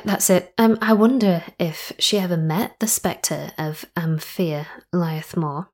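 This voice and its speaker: A young woman with a slightly low voice narrating her podcast in a relaxed, conversational way. She wanders into side remarks and restarts her sentences as she goes. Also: slow, hardly any pauses. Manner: chatty, rambling asides and self-corrections. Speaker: podcast host.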